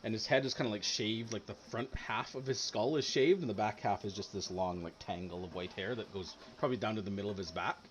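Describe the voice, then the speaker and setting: A man's voice: fairly low pitch, quick pace, hardly any pauses, a little hiss or hum. A man narrating a tabletop game as game master, rambling with lots of ums and likes.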